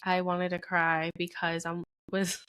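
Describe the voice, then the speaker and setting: A young woman co-hosting a casual podcast chat, telling lively stories and mimicking her husband with frequent laughs. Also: lowish voice, measured pace, smooth. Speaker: podcast co-host.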